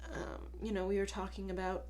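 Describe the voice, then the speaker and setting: A woman's voice: medium pitch, little pitch movement, a little fast, a little mellow, slight background noise. Frank, rambling woman vlogger. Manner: rambling, frank, swears freely; many fillers and restarts, talks herself through thoughts. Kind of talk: casual confessional chat.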